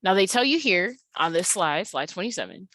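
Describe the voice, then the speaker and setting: Low-voiced woman teacher, casual and halting. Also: big pitch swings, a bit bright, no echo. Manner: casual explaining with many fillers and restarts. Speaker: English teacher. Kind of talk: recorded slide-by-slide tutorial.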